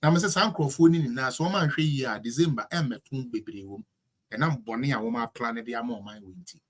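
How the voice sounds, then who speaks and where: A man's voice: mid-range voice, a little fast. A man with a Ghanaian accent delivering a heated, mocking political commentary rant.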